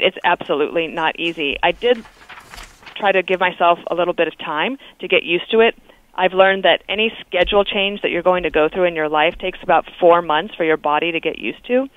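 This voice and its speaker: A woman talking as a guest in a phone interview, brisk and chatty, heard over a telephone line. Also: mid-range voice, no echo. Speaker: guest, TV news anchor. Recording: dry tinny phone line.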